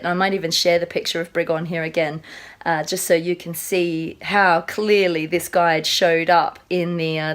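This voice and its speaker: A middle-aged woman with an Australian accent, talking earnestly and casually about spiritual channeling, with many fillers and restarts. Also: fairly low pitch. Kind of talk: casual spoken introduction to a video.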